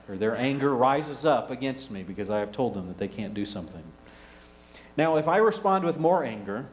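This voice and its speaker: A man, preaching a sermon, rising to loud emphasis and dropping to quiet asides. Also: medium pitch, a little hiss or hum, poor audio. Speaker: pastor.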